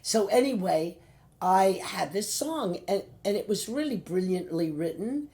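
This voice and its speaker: An older actress, a guest on a chat show, telling stage anecdotes in a lively way and acting out what people said. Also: female voice, mid-range voice, measured pace. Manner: lively anecdotal storyteller, acts out quotes. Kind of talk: storytelling chat.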